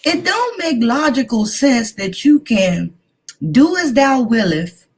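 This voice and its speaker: A woman talking fervently and with excitement in a religious discussion. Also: sits high, slow pace, slightly rough.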